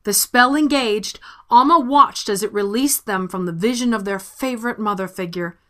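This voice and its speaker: Female narrator, measured soft-spoken storybook read. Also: medium pitch.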